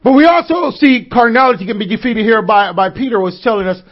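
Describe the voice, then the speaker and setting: High-voiced preacher in call-and-response. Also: male voice, quick pace, muffled recording. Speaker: pastor. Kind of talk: sermon.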